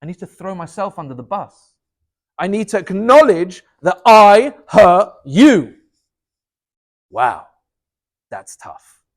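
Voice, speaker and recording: A rabbi with a notably high-pitched voice gives an inspirational talk. He swings from loud, emphatic lines down to soft, low asides, and his delivery stays dynamic throughout. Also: sing-song, slow, long pauses.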